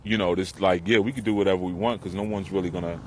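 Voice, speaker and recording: A man's voice: sits low, fairly even intonation, quick pace, darkish tone, low-quality recording. Rambling man, outdoors by the water. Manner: loose, rambling, with profanity. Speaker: spiritual teacher. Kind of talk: casual outdoor monologue. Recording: windy outdoor noise.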